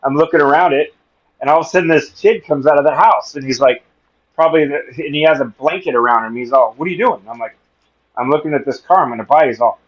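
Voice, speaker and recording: A man's voice: a little high, fast, muffled recording. A man on a podcast telling funny stories in a casual way, acting out the people in them and laughing often. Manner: animated, acts out dialogue, laughs often. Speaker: podcast guest. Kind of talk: casual storytelling.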